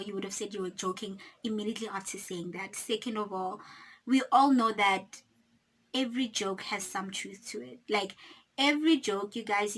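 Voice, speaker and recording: A South African woman in her twenties telling a storytime vlog, animated and indignant, often talking straight to her viewers. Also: mid-range voice, poor audio. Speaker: YouTuber.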